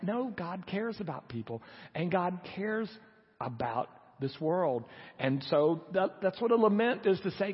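Male pastor, earnest sermon delivery, fairly high husky voice, dull recording in a reverberant sanctuary. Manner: earnest storytelling preacher, voice dropping soft on solemn lines. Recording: dull lo-fi audio in a reverberant church hall.

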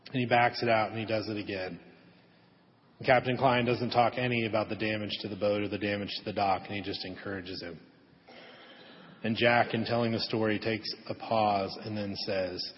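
Gentle low-voiced man preaching in an echoey church. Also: fairly even intonation, moderate pace. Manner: gentle storytelling, softening to a hush on key lines. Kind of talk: sermon. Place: church sanctuary. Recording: echoey hall, dull lo-fi audio.

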